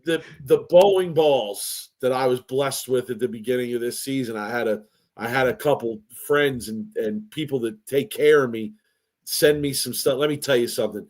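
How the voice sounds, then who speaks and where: A man's voice: medium pitch, moderate pace, a little mellow. Podcast guy bragging and ribbing people, normal mid voice, joking around. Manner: boastful, playful trash talk. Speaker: podcast co-host. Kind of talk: casual chat.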